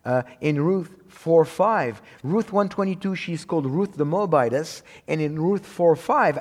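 A man's voice: fairly high pitch, darkish tone. A middle-aged man giving an emphatic sermon in a church, quoting scripture and often repeating words as he restarts. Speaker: preacher teaching a church audience. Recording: hall with long reverb.

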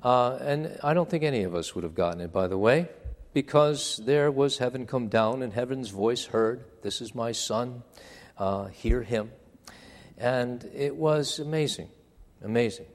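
Male preacher, earnest sermon delivery with swelling emphasis, voice ringing in a large hall. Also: medium pitch. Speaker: pastor.

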